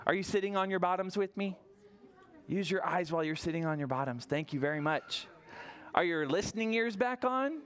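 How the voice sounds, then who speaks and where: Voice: mid-range voice, fairly bright tone. Sing-song children's librarian reading aloud. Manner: sing-song, coaxing, asks the children questions; counts aloud slowly and playfully. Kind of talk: reading a picture book aloud to toddlers.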